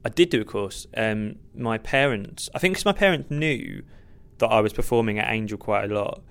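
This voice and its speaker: A man's voice: fairly low pitch, lively intonation, normal speed, fairly bright tone, smooth. A young man, a stand-up comedian, answering interview questions in a rambling, self-deprecating way with many restarts. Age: young adult. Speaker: stand-up comedian, podcast guest. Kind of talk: earnest conversational interview.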